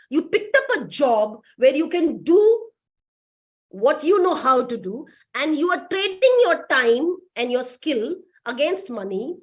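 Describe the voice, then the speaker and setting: A woman giving a lively motivational talk to a business team, asking rhetorical questions. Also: high-pitched. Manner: lively, acts out quoted voices, rhetorical questions. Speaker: motivational speaker.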